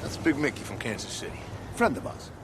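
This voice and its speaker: Brief: actor as a New mobster, exasperated coach, lively swinging delivery, street noise in the film. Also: male voice, mid-range voice, brisk, close to an everyday voice. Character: impatient New York mafia man coaching.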